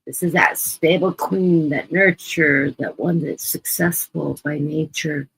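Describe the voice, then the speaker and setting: A woman's voice: low-pitched, fairly even intonation, unhurried, creaky, fairly bright tone, slightly rough, poor audio. A woman giving a chatty live-stream tarot reading, often repeating words for emphasis. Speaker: guest tarot reader. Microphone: computer mic on a live stream.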